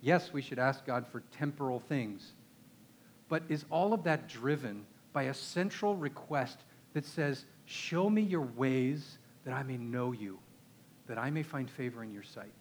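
A man's voice: mid-range voice, measured pace, a little hiss or hum. A man with a Texan accent preaching a conversational sermon, emphatic and often asking his listeners rhetorical questions. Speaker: pastor.

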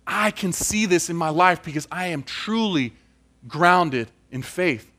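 A man delivering a sermon with a bright, forceful voice that sits somewhat high. He talks earnestly and builds toward emphatic questions before closing in prayer. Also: animated, unhurried. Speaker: preacher.

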